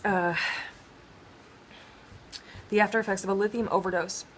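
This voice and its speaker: A woman talking in a rambling personal monologue, halting with many restarts and fillers. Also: mid-range voice, fairly even intonation, a little hiss or hum.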